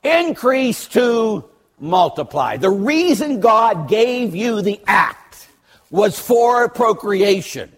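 A husky older man preaches as a priest, his voice sitting a little high for a man. He tells blunt stories with dry humor and swings between loud and soft. The talk moves from teaching to anecdote. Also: very animated, slow. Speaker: Catholic priest. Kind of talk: sermon with personal stories.

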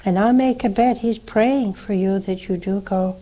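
A woman's voice: medium pitch, moderate pace, dark tone. An older woman, a nun, preaching earnestly and counseling callers, with frequent rhetorical questions. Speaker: nun hosting a call-in religious program. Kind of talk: sermon and call-in counsel.

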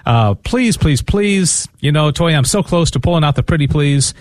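Speaking from a radio studio with no room sound, a fundraiser host makes his appeal in a chatty, loose style, frequently repeating words and stumbling. His voice sits on the high side, with lively intonation and a normal speed.

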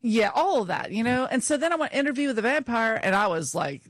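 A woman's voice: fairly high pitch, expressive, fast, no echo. A woman co-hosting a podcast in casual chat, chatty with fillers and frequent laughs. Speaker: podcast co-host.

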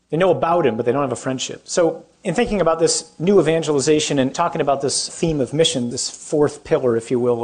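A man, a Catholic priest, giving a conversational talk to a young adult group, asking the audience questions and adding joking asides. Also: a little high.

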